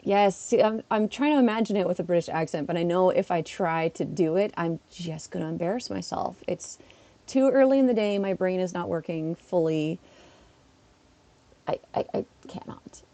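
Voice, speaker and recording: A woman's voice: on the low side, brisk, warm tone. A woman, a schoolteacher, chatting casually on a live stream while playing, laughing often and talking back to her chat. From Canada.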